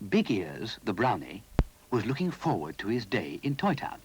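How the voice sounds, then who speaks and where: A man narrating a children's storybook, gentle and expressive. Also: fairly low pitch, normal speed, slight background noise, rough recording.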